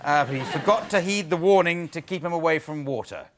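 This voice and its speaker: A man hosts a comedy game show in a TV studio before a live audience, with a dry, wry manner. His voice is a little high and fairly quick, and studio audience and noise can be heard behind him.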